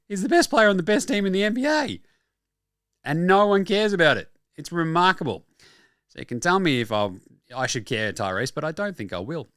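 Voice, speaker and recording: Animated Australian man, bright and lively. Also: medium pitch, dry recording, clean studio sound. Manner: excitable, swears freely, animated asides. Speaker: basketball show host. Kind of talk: casual sports talk.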